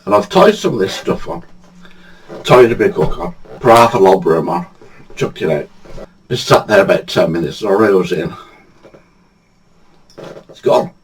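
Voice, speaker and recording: A man's voice: low voice, animated, moderate pace, slightly rough, rough recording. An older man from England, telling funny true anecdotes in a chatty, casual way and laughing at his own stories. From England, Badsey. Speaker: storyteller.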